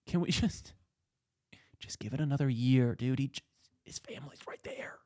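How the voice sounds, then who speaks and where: A man's voice: medium pitch, takes it slowly, darkish tone, clear, resonant tone, no echo, studio quality, natural voice. A man voicing a laid-back male food inspector, pleading with a colleague in a casual, exasperated way.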